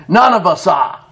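High, animated preaching man. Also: vocal fry, background noise. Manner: animated preaching, laughs often, addresses listeners as folks. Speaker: pastor. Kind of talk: sermon.

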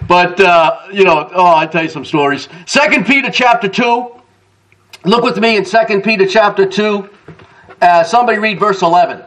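A man's voice: sits high, normal speed, recorded from a distance. A male pastor preaching a sermon, telling stories with laughter and acted-out quotes. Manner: animated storytelling preacher, laughs and acts out quotes.

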